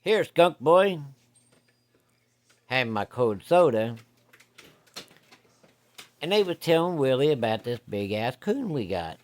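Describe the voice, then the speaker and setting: A man's voice: mid-range voice, very animated, unhurried, pauses often, darkish tone. Folksy man spinning a yarn. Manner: folksy, profane, vivid. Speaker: storyteller. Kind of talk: casual spoken storytelling.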